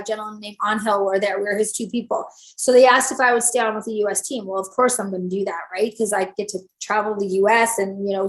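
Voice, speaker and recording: A middle-aged woman, a salon owner and stylist, telling stories in an interview and acting out the lines people said to her. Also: a little high. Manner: animated, acts out quoted dialogue. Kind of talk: storytelling interview. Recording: roomy echo.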